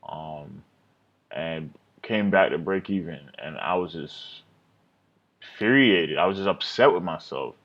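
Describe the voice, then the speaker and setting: Low-voiced man rambling about his trades. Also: expressive, measured pace, lo-fi sound. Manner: rambling, self-critical, swears often. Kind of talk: casual screen-recorded trade recap.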